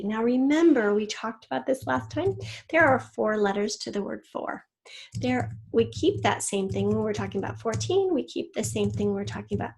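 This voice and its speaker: Patient woman teaching spelling, fairly high voice. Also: darkish tone. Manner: patient, step-by-step, stretches out target words. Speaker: third grade teacher. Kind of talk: recorded online spelling lesson.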